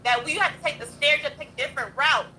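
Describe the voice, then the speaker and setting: A young woman with a high, sharp, bright voice goes off on a livestream rant. She talks bluntly and combatively, swearing freely as she hosts her stream. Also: fast talker, slight background noise, rough recording. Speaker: livestream host.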